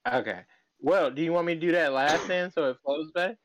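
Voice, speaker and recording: A man's voice: on the high side, a little fast. A man co-hosting a podcast in casual chat, talking in a slangy, profane way. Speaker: podcast co-host.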